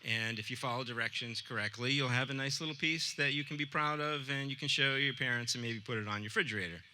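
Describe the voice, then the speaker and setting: A man, an art teacher, telling a personal story to a live audience in a relaxed, conversational way. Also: medium pitch, quick pace, slight background noise. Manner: conversational, acts out dialogue with voices.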